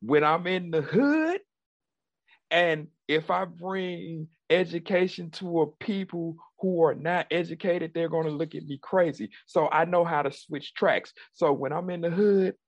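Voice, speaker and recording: A man's voice: a little high, measured pace, dry recording, highs cut off. A man co-hosting a podcast in casual chat, rambling and repeating words as he builds his point. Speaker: podcast co-host.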